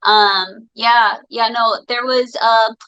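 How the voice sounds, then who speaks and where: A woman co-hosting a podcast chats casually and rambles, with lots of fillers and restarts. Her voice is a little high, steady, and sharp, and she speaks at a slow pace. The tone is clean, but the highs are cut off.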